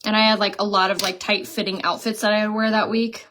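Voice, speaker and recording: A woman's voice: mid-range voice, fast, few pauses, a bit bright, slight background noise. A woman chatting casually during a live makeup stream, reading viewer comments aloud and telling stories. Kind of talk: casual live chat while doing makeup.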